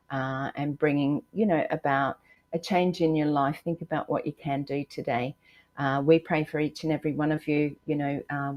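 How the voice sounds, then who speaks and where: An Australian woman in her sixties hosts a live stream and talks to her viewers directly. Her voice sits low, and she speaks in an encouraging way, reading out comments and filling her pauses with ums and uhs. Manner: warm, encouraging, many fillers, reads out viewer comments. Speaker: livestream host.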